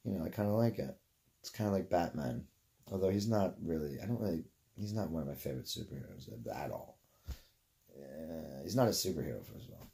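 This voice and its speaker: A man's voice: rumbling low, expressive, a little fast, gravelly, warm tone. A Canadian man telling a story casually, swearing freely and wandering off on tangents. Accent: Canadian English. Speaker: vlogger.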